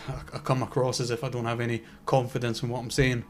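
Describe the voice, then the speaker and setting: A man's voice: mid-range voice, little pitch movement, fast, a little hiss or hum. A young man co-hosting a podcast, rambling in casual chat with fillers and easy swearing. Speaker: podcast co-host.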